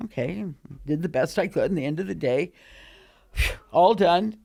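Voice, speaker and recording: Older woman telling animated stories. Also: mid-range voice, normal speed, creaky, long pauses. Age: 80s. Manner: animated, acts out quoted voices. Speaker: guest recalling her career. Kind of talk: casual storytelling. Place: recording studio.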